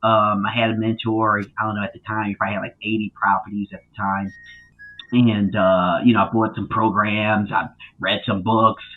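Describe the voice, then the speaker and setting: A man who is a guest on a podcast, telling his story in a casual, animated way with many fillers and loud acted-out quotes. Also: fairly low pitch, moderate pace, soft background music. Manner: animated, lots of fillers, acts out quotes loudly. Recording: tinny phone-like line.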